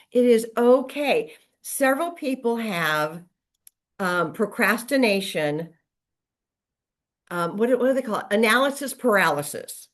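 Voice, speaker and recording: A middle-aged woman coaching real estate agents in a casual motivational talk, acting out quoted lines as she goes. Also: a little high. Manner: lively, conversational, acts out quoted lines.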